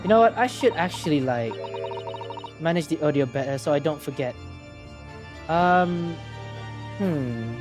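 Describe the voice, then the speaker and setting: Woman streamer, casual chat, giggly, self-deprecating, animated pitch, faint music behind. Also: unhurried, long pauses.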